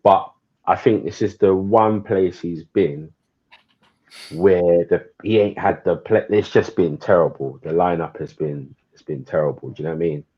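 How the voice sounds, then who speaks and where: A man's voice: low-pitched, normal speed, husky, muffled recording. A man chatting casually as a guest about football, laid-back and slangy. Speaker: guest fan.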